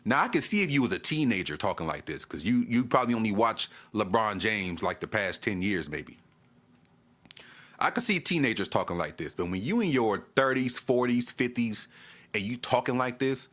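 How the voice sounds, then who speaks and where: A man's voice: on the low side, big pitch swings, normal speed, fairly bright tone. A man vlogging a fan rant, exasperated, repeating himself and stammering as he restarts. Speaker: sports vlogger. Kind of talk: ranting fan commentary to camera.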